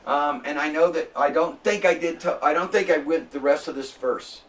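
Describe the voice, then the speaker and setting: A man with a fairly high voice teaching a class, heard from a distance through a single room mic. He walks students through each sound step by step, pausing often to ask if they follow. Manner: spells out sounds slowly, checks in with "okay?". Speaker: lecturer. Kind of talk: classroom lecture. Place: lecture classroom.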